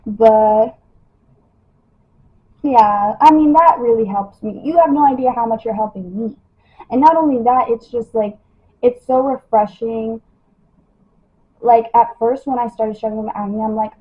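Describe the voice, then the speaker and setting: A young woman with a slightly husky, fairly high voice talks to her followers in a loose, rambling way, full of fillers. The sound is dull and lo-fi, like a phone livestream. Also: unhurried, long pauses. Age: young adult. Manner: chatty, lots of "like" and "you know". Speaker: model livestreaming her skincare routine. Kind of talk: casual livestream chat.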